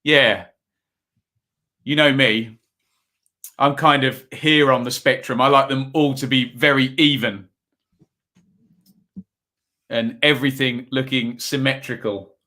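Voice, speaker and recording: A man running a live football stream talks with viewers and reads out chat messages and scores, a little tired. His mid-range voice is steady, bright, and forceful, and he speaks slowly with frequent pauses.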